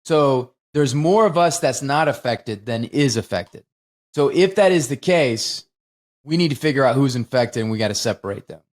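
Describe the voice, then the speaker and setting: A man co-hosting a podcast, talking casually about a film and retelling its scenes in an animated, profane way. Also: medium pitch, moderate pace. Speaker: podcast co-host.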